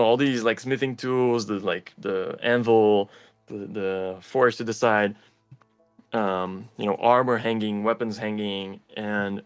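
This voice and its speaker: A man running a tabletop game as game master, describing scenes in a halting way with many fillers. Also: on the low side, clean tone, no room sound.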